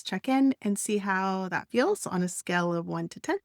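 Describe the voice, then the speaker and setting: Gentle woman guiding a breathing exercise. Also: medium pitch, expressive, no room sound, clean studio sound. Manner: gentle, encouraging, unhurried guidance with soft laughs. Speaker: wellness instructor.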